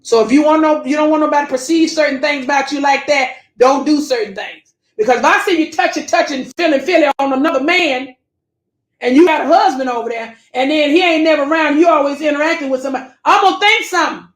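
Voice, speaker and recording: A woman's voice: high voice, fast, reverberant. A woman hosting a casual livestream, reading viewer comments and giving blunt, repetitive, preachy opinions. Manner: blunt, preachy, repeats herself, Southern Black vernacular phrasing.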